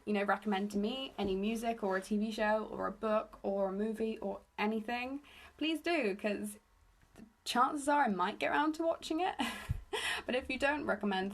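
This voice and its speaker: A young woman from England with a slightly raspy voice, hosting a solo podcast into her phone in a rambling, self-deprecating chat. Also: mid-range voice. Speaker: podcast host.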